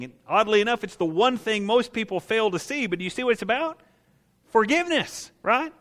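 A man preaching a sermon, animated, acting out voices from the scripture he reads. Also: high voice. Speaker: pastor.

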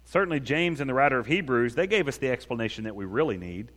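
A man's voice: medium pitch, lively intonation, fast talker, a bit bright. A man preaching a sermon as a pastor, talking in a conversational way and acting out prayers. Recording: long reverb of a large hall.

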